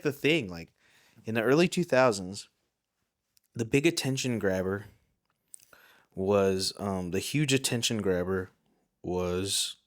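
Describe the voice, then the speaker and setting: Animated rambling male podcast host. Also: deep voice. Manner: rambling, animated, filler-heavy. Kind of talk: casual comedy chat.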